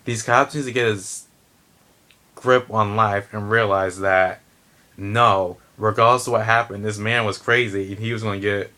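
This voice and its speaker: A man's voice: on the low side, fairly even intonation, normal speed, bright, forceful tone. A man giving a heated, blunt opinion rant to camera, swearing and restarting his sentences. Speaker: vlogger.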